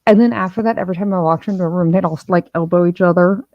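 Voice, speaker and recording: A woman's voice: lowish voice, very fast, dry recording, dull audio. A woman host in casual chat, telling a rambling story full of restarts. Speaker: channel host.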